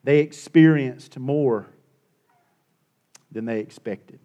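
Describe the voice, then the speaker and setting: A middle-aged male pastor preaching a sermon, swinging between hushed and loud and repeating his points for emphasis. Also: medium pitch, slow pace, highs cut off.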